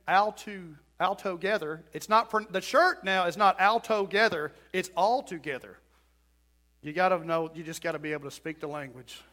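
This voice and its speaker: A man preaches a folksy sermon in church. His voice sits high and sounds bright and forceful. He trades joking asides with the congregation as he goes. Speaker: pastor.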